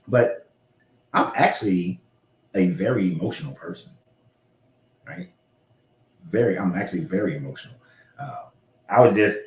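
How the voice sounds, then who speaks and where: A man talking in a blunt, rambling way, with the odd curse and laugh. His voice sits a little low. He is heard in a room with a noticeable echo. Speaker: host. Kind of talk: casual livestream chat.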